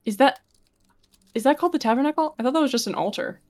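A woman playing a tabletop game, giggly and excitable. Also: high voice, quick pace. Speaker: player. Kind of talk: casual tabletop game play.

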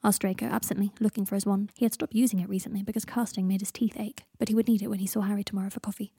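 A woman reading fan fiction aloud in a hushed narration. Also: medium pitch, flat delivery, racing, husky, no room sound, studio quality. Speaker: reader.

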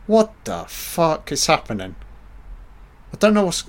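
A man's voice: fairly high pitch, sing-song, measured pace. A man giving a casual, profane and sarcastic commentary over a film. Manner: profane, sarcastic riffing on the scenes.

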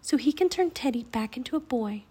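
Woman reader doing a plucky young girl, high, eager, loud. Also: animated, fairly quick, husky. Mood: urgent. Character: bold, cheerful young girl.

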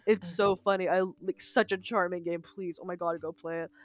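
A woman's voice: fairly low pitch, fairly even intonation, normal speed, a crowd in the background. A woman co-hosting a podcast in casual chat, gushing and swearing often as she recommends things. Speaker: podcast co-host.

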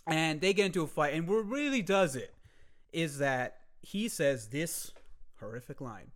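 A young man casually pitching a comedy movie idea, animated and profane, often correcting himself. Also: measured pace. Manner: animated storytelling, swears a lot, self-correcting.

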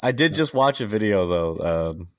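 Low-voiced man rambling on a podcast. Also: expressive, normal speed, fairly bright tone, dry recording, studio quality. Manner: rambling, profane, restarts a lot. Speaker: podcast co-host. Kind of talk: casual chat.

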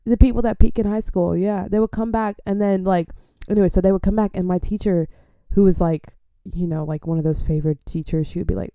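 A young woman from the United States telling self-mocking stories in a casual, animated way, acting out quotes. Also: fairly low pitch, fast talker, gravelly, smooth, no room sound, clean studio sound. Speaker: vlogger. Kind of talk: casual storytelling.

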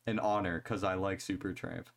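A young man co-hosting a casual podcast. His voice sits a little low. His manner is relaxed and jokey, with plenty of casual swearing. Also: normal speed, creaky. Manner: laid-back, swears often, laughs easily. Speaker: podcast co-host.

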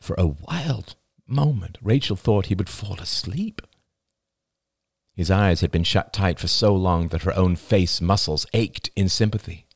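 A man narrating an audiobook chapter in an expressive, dramatic reading style. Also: sits low, unhurried, gravelly, dry recording, studio quality. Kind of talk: scripted narration.

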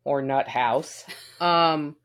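A woman with a fairly low voice chats casually with a friend, venting about her week. She swears freely and acts out every exchange. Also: extremely slow. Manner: venting, profane, acts out quotes. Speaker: podcast co-host. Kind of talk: casual chat.

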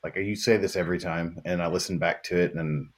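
A man's voice: low-pitched, fairly even intonation, brisk. A man hosting a casual podcast, teasing his co-host in a dry, laid-back way. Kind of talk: casual chat.

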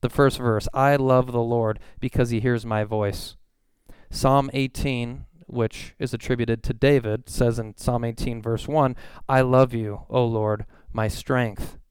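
A man's voice: mid-range voice, steady tone, a little slow, darkish tone, smooth, no echo. A man in his thirties preaching a sermon, reading psalm verses and telling stories about his family in an earnest, conversational way. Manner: earnest, conversational, reads scripture aloud. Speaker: pastor.

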